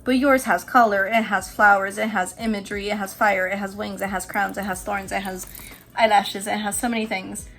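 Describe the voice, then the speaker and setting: A woman giving a casual, chatty tarot reading, lively and quick to laugh, with some swearing. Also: mid-range voice, soft background music. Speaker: tarot reader.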